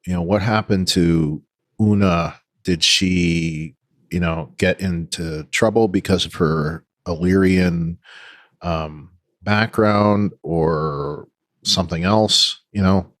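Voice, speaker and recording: A man hosting a casual podcast chat, talking hesitantly with many "you know"s and pauses. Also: deep voice, fairly even intonation, no echo, clean studio sound. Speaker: podcast host.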